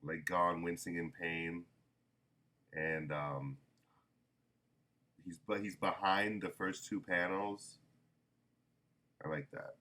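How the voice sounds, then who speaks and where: A man's voice: deep voice, steady tone, slow, pauses often, bright, forceful tone. A man casually reviewing a manga volume, rambling with many ums and self-corrections.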